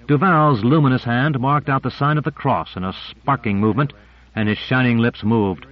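Male narrator for a novel, steady descriptive read, middle voice, dull lo-fi audio. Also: mid-range voice, moderate pace. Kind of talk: scripted narration. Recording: muffled lo-fi recording.

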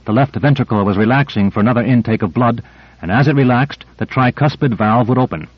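A man narrates an audiobook in a steady, measured reading voice of middle pitch. The recording is dull and lo-fi, close and dry. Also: husky, no room sound. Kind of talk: scripted narration.

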